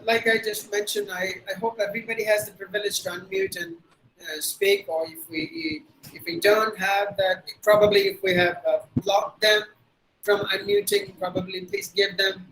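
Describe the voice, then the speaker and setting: A man's voice: high voice, steady tone, measured pace, fairly bright tone, a little hiss or hum, low-quality recording. A man with a Tamil accent teaching pronunciation in an online webinar, spelling words out letter by letter and repeating them. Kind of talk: online lecture. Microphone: video call.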